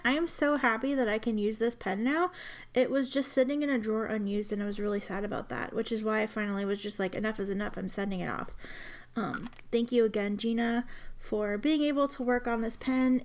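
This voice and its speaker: A young woman chatting happily about her fountain pen, gushing and often slipping into soft whispers. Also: on the high side. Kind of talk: casual chat while writing.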